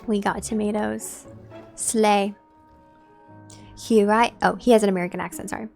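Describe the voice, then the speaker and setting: A woman's voice: medium pitch, fairly even intonation, quick pace, gravelly, darkish tone, faint music behind. A woman streaming a game and chatting casually with her viewers, musing aloud. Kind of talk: casual gameplay commentary.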